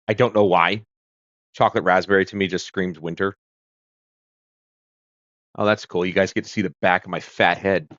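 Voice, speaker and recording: A man from the United States hosts a casual livestream, wandering from point to point with plenty of fillers and restarts. His voice sits low. The audio is dry and a little dull, like a home streaming setup. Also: fairly even intonation, normal speed, pauses often, a bit bright, no echo. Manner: rambling, chatty, with fillers and self-corrections. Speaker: livestream host. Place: home room with a kitchen corner.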